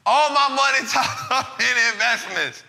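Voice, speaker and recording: A man hosting a live finance talk show, animated and casual, full of slang and repeated phrases. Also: extremely high pitch, unhurried, gravelly, long reverb tail.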